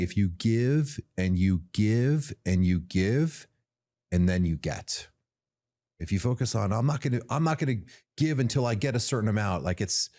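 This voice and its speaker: Lower-voiced man telling stories animatedly. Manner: animated, repeats words as he builds a point. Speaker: podcast guest, tea company founder. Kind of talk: casual interview storytelling.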